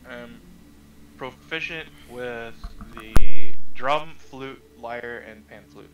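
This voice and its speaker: Male player, casual, thinks out loud, noisy voice-call mic. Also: medium pitch, extremely slow. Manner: thinks aloud while searching, easygoing. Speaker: tabletop game player. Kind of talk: casual out-of-character chat.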